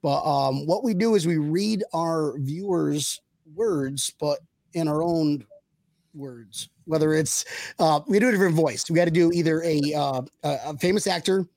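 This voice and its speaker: Energetic, jokey male host, dry close mic, fry in the voice. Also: fairly high pitch, moderate pace, dry recording. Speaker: podcast host. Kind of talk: live-stream podcast hosting.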